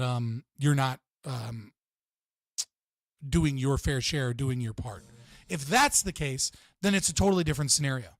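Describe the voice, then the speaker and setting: A man's voice: mid-range voice, a bit bright, no echo. A man giving blunt, profane, rambling relationship advice in casual podcast talk.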